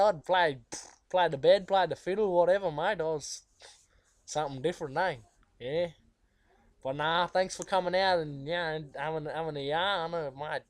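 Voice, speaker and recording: A cheeky, laid-back outback guitarist with an Australian accent, played by a man rambles in slang full of fillers. His voice sits a bit high, and the recording is close and dry. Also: no room sound, lightly acted. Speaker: musician being interviewed. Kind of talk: comedic character interview.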